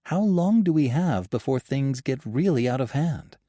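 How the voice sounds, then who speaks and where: A man's voice: medium pitch, expressive, moderate pace, dark tone, dry recording, studio quality, pitched above the performer's own voice, natural voice. A young man voicing an anxious, earnest young male recruit. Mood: anxious, urgent.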